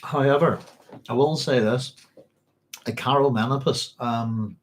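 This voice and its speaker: A man's voice: medium pitch, a little slow, slight background noise, low-quality recording. A man hosting a live book club chat, rambling with many ums and restarts, with hiccups and a sore throat. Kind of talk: casual live-stream chat.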